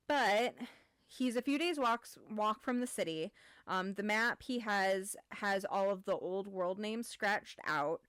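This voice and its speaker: A woman's voice: medium pitch, a bit bright, clean tone, dry recording, studio quality. A woman hosting a casual book club podcast, summarizing a novel in a chatty way with lots of ums and likes. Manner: chatty, many "um"s and "like"s.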